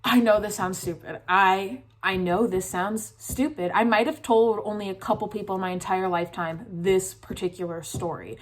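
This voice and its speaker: A woman's voice: mid-range voice, normal speed, hardly any pauses. Rambling young woman telling a story. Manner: rambling, filler-heavy, uses "like" constantly. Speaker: vlogger. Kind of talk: casual storytime.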